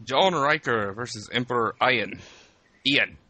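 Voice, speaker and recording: A man with a bright voice reads out the upcoming matches and drops dry, deadpan jokes in a casual chat. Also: mid-range voice, moderate pace, dry recording. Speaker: co-host reading the match card.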